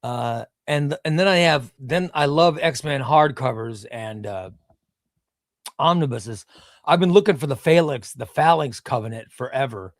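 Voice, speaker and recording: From a home room lined with comic shelves, a man hosts a casual comics livestream, rambling, repeating words and answering chat. His mid-range voice is measured, and the audio is studio quality with no echo.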